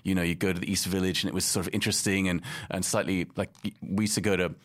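A man's voice: sits low, steady tone, fast. A middle-aged man from London and Casablanca, chatting in an interview, a wry self-mocking storyteller who laughs often. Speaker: podcast host and guest. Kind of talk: casual interview chat.

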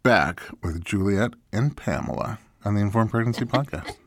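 A man's voice: lowish voice, lively intonation, moderate pace, heavy background noise. A man hosting a podcast, chatting casually and playfully and asking follow-up questions. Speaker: podcast host. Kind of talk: casual chat.

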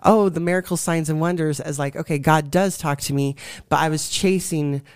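Smooth, animated young woman telling her story. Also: sits low, moderate pace, no echo. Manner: animated storyteller, acts out her own quotes. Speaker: guest. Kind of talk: testimony in a faith interview.

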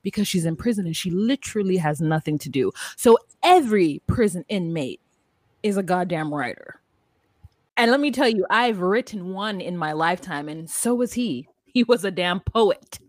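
A woman's voice: lowish voice, normal speed, no room sound. A woman co-hosting a podcast, recapping a reality show in casual chat, laughing often and putting on dramatic voices for quotes. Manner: animated, laughs often, mock-dramatic voices when quoting. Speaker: podcast co-host.

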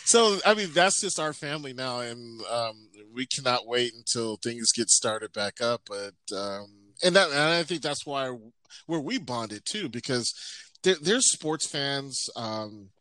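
A man in casual chat, telling animated, laughing stories about his family. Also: measured pace, no echo. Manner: mimics others in a high voice.

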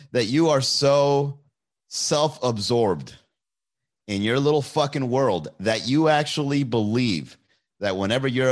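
A male stand-up comedian telling a story in a casual livestream, rambling, animated and full of profanity. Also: lowish voice.

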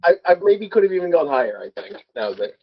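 A man's voice: fairly high pitch, sing-song, fast, breathy edge, no echo, lo-fi sound. A man co-hosting a podcast, chatting casually about a film with a sardonic edge, swearing freely and laughing often. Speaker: podcast co-host. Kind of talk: casual movie review chat.

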